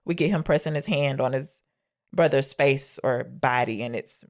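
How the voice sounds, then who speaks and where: Low-voiced woman recapping a film. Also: moderate pace. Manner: retells scenes, acting out lines. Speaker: podcast co-host. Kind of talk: casual movie review chat.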